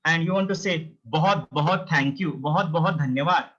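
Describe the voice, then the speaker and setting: A man's voice: fairly high pitch, rapid-fire, a bit bright. A man teaching a beginner language lesson, patiently repeating each word many times and explaining pronunciation step by step. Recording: dull lo-fi recording.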